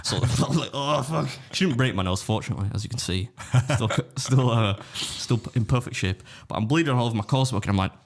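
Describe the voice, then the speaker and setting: A man in his thirties with a Yorkshire accent, telling rambling, animated school stories on a casual podcast. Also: lowish voice, quick pace, hardly any pauses. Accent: Yorkshire English. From Leeds, England. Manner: rambling, animated, swears, laughs at own stories. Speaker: podcast co-host. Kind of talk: casual storytelling chat.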